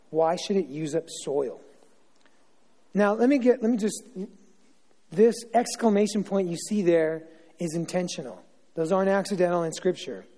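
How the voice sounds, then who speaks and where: A middle-aged man preaches in a loose, joking way, breaking off for asides. His voice sits high but sounds mellow and dark. Long reverb trails off every word in a big church hall. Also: gravelly. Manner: chatty, self-interrupting, jokey asides. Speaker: pastor. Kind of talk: informal joking sermon.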